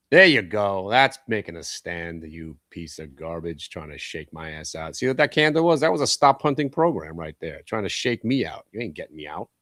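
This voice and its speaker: A man with a low, voice runs live trading commentary on a stock show. He talks bluntly, swearing at stocks and getting worked up. The sound is dry and close. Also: normal speed, no echo. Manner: blunt, animated, swears and yells at the market.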